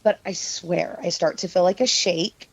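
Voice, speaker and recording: Woman rambling thru a ghost story, lotsa likes and ums, lowish voice, kinda dull dry recording. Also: fairly even intonation, moderate pace, gravelly, slightly rough, no room sound. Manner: rambling, filler-heavy, laughing; mimics her younger self and cousin in quoted lines. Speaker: podcast guest. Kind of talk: casual storytelling.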